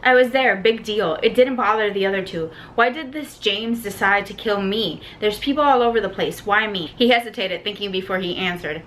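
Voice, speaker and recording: A woman's voice: mid-range voice, normal speed, hardly any pauses, a bit bright, slight background noise. A young woman ranting in a book review vlog, swearing freely and reading passages aloud from the book.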